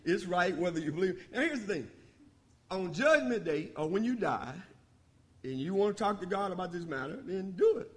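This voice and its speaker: A man with a high voice preaches with emphatic call-and-response, jumping from loud declarations to quiet, confiding asides. His voice rings out in a church sanctuary with a long, trailing reverb. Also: sing-song, moderate pace. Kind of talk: sermon.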